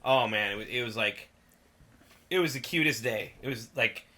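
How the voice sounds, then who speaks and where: Band member, male, casual podcast chat, vivid storyteller, bright tone. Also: medium pitch, normal speed. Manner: animated storyteller, acts out quotes, laughs often.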